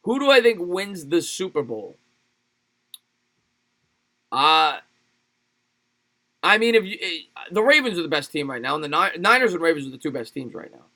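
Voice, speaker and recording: Male stream host, excitable play-by-play, forceful bright tone, loose chatter between plays. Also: fairly high pitch, normal speed, pauses often. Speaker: livestream sports host. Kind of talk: live play-by-play and chat with viewers.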